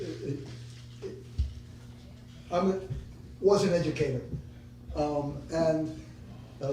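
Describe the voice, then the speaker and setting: A man's voice: a little high, warm tone, a little hiss or hum. An older man, a former teacher, telling a long story with many restarts at a community discussion. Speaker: retired teacher in audience. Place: meeting room.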